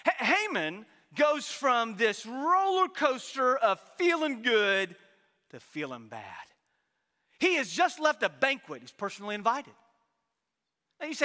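A man preaching an animated, joking sermon with frequent restarts, in a church sanctuary. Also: extremely high pitch, moderate pace, big-room sound. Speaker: pastor.

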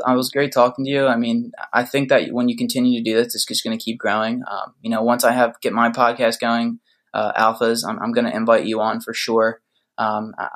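A man's voice: mid-range voice, fairly bright tone. A man on a podcast as a guest, chatting casually in a laid-back, joking way.

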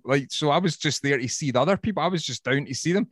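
A Scottish man, a woodworker guest on a podcast, telling stories in a casual, sweary, animated way. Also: fairly high pitch, quick pace, hardly any pauses, no echo, studio quality. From Scotland. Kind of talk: casual chat.

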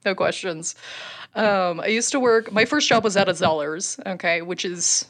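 A woman's voice: mid-range voice, normal speed, fairly bright tone. A woman with a Canadian accent hosting a podcast, chatting enthusiastically and laughing often. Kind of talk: casual chat.

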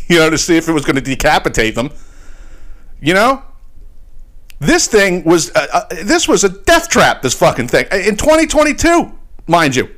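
A man hosting a casual podcast, ranting in a loose, profane way. He tells stories with lots of energy and slips into quick mock voices for the people in them. His pitch swings widely as he gets worked up. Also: a bit bright. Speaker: podcast host.

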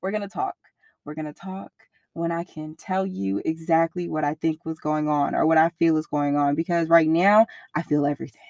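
A young woman with a fairly low voice speaks openly about her past in an interview. Her talk is casual and full of slang, and it grows lively whenever she acts out what others said. The recording is close and dry, with no room sound. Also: normal speed, no room sound, muffled recording. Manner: casual slang-heavy, animated when quoting others. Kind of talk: candid personal interview.

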